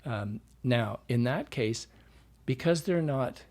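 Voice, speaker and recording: A man's voice: medium pitch, animated, slow pace, a little mellow. A man, a dialect coach, talking as a guest in a podcast interview. He explains at length and keeps checking in with "right?".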